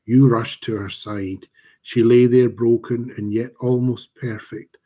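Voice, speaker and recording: A man, the author, reading his dark fantasy fiction aloud in a slow, measured, dramatic way, over a home mic on a live stream. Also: medium pitch, steady tone, highs cut off.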